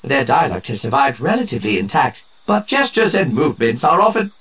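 A man's voice: medium pitch, sing-song, a little fast, fairly bright tone, breathy edge, pitched above the performer's own voice. A man voicing a fussy, polite protocol droid in an audiobook, in a prim and precise manner. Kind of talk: audiobook narration.

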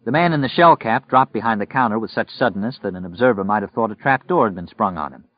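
A man reading a novel aloud in steady, measured scripted narration. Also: on the low side, dry recording. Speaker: audiobook narrator. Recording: dry, muffled recording.

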